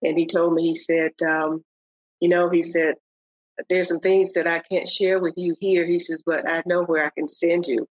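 An older woman, a podcast guest, telling the story of her faith in a halting way, with many pauses and restarts. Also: lowish voice, level tone, no room sound. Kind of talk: telling a personal faith testimony. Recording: dull, lo-fi audio.

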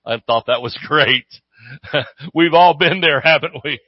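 A man preaching a sermon in a relaxed, conversational way, often checking in with his listeners with a questioning "Amen?". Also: a little high, unhurried, dry recording, muffled recording. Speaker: pastor.

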